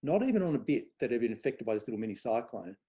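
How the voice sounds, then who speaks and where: A middle-aged man, a guest on event safety, telling anecdotes in a lively way and acting out quoted dialogue. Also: medium pitch, racing. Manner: animated storyteller, acts out quoted dialogue. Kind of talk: conversational anecdote.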